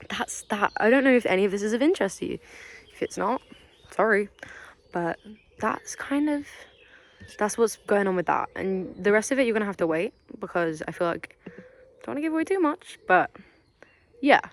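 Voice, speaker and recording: A woman's voice: mid-range voice, expressive, fairly quick, pauses often. A young woman, chatting casually and rambling in a vlog while sitting outdoors in woodland. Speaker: vlogger.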